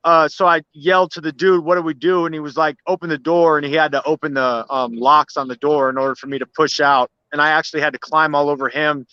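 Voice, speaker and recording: A man's voice: on the high side, sharp tone, smooth, dry recording, lo-fi sound. A man chatting as a guest from outdoors in the cold, laid-back and sweary, with "you know what I mean" in many of his lines. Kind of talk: casual chat.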